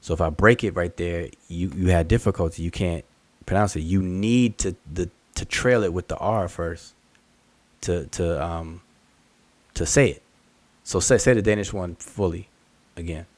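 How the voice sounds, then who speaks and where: A man's voice: sits low, moderate pace, no room sound. A man hosting an online study group hangout, explaining patiently and thinking aloud over a video call. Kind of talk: casual online hangout discussion.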